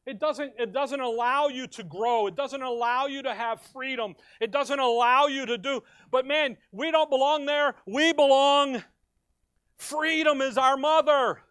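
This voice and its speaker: A man's voice: extremely high pitch, fairly bright tone, clear, resonant tone, no echo. A man preaching a sermon, reading scripture aloud and firing questions at the congregation before answering them himself. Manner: reads scripture aloud in slow stressed phrases. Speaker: pastor.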